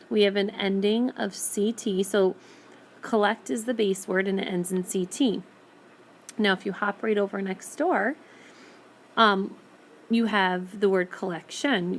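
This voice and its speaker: A woman teacher giving a recorded phonics lesson on a tablet screencast, patiently and clearly sounding out each word. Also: medium pitch, slight background noise. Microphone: tablet screencast microphone.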